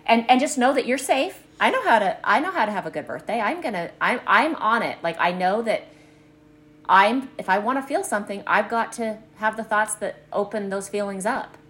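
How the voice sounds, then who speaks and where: A woman's voice: medium pitch, lively intonation, normal speed, a bit bright. A middle-aged woman, a life coach co-hosting a podcast with her daughter, talking in an earnest, enthusiastic way, full of "like". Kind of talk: casual podcast chat.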